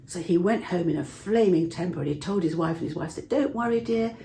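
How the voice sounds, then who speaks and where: A woman telling a Bible story to children in a gentle way, asking her listeners questions. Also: on the low side, fast, a little hiss or hum. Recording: roomy echo.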